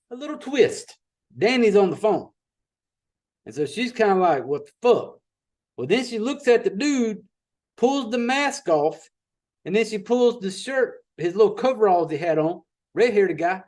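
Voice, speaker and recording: A man's voice: sits high, darkish tone. A man giving a casual, profane, rambling recap of a horror film as a podcast host. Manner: rambling, profane, folksy storytelling with quick asides.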